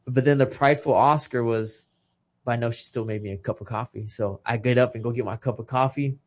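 A man's voice: mid-range voice, steady tone, fairly quick. A man in his thirties, a retired boxer as podcast guest, telling a personal story with feeling and acting out the lines of other people. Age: 30s. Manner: emotional storytelling, acting out quoted dialogue. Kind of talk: casual podcast conversation.

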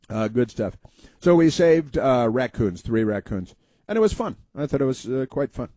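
A man's voice: medium pitch, sing-song, normal speed, dark tone, dry recording. A man hosting a talk radio show, telling a rambling story in a folksy way with many fillers and restarts. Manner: folksy storytelling, acting out quoted voices.

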